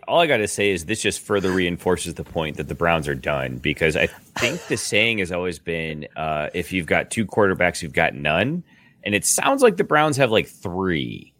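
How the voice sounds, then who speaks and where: A man co-hosting a sports podcast over a remote call, talking in a laid-back, halting, joking way. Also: sits low, fairly bright tone, dry recording. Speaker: podcast co-host. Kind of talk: casual sports chat. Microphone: remote call mic.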